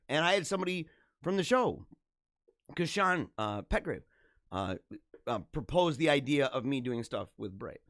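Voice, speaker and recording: A man hosting a live show, giving casual, jokey commentary in an animated, ranting way and laughing often. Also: medium pitch, dry recording, clean studio sound.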